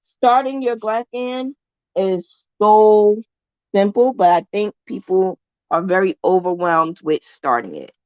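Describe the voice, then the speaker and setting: A woman's voice: medium pitch, slow, darkish tone, clean tone, no echo, highs cut off. A woman hosting a casual crochet livestream lesson, chatty, emphatic and self-assured, repeating points for emphasis in colloquial speech. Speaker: crochet teacher and livestream host.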